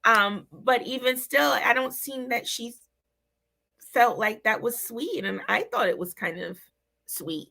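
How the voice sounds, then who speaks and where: Woman on a podcast panel, gossipy and playful, gravelly bright voice. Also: a little high, a little slow. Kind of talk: casual reality-show discussion.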